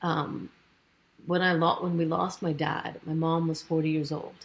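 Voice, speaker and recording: A woman guest on a podcast, telling her story in a lively way and acting out the dialogue she quotes. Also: sits low, a little slow, low-quality recording. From United States. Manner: animated, acts out quoted dialogue. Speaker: fitness program founder, guest.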